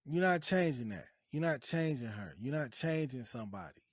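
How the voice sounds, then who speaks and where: A man hosting a podcast, giving blunt, profane advice and hammering points home by repeating them, with loud outbursts and quieter asides. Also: animated, normal speed, breathy edge, no room sound, studio quality. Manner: emphatic and repetitive, swinging between loud outbursts and low asides. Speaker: podcast host. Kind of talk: preachy podcast monologue.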